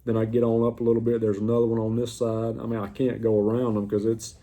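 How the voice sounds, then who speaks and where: A man's voice: on the low side, fast talker. A middle-aged man, casually telling a story to the camera in a drawling, folksy way. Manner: drawling, folksy, animated retelling.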